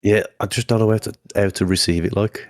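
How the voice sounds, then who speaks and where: Deep voiced guy, laid back, swears loads, dry mic. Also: steady tone, a little fast, dry recording. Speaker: podcast co-host. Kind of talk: casual chat.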